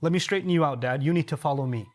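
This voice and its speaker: A man preacher giving a sermon, explaining verses through rhetorical questions and repeated key points, with quick Arabic recitation. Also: fairly high pitch.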